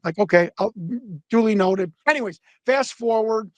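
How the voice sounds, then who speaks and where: A middle-aged man telling a profane, animated backstage story in casual conversation. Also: high voice, moderate pace, dry recording. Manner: profane, animated anecdotes with quoted voices. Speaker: guest storyteller.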